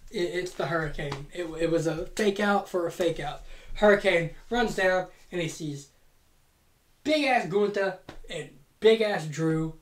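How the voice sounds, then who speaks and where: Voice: mid-range voice, measured pace. A host casually narrating an imagined wrestling event, rambling, joking and swearing freely. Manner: rambling, joking, profane, self-deprecating. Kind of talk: casual fantasy booking narration. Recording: roomy echo.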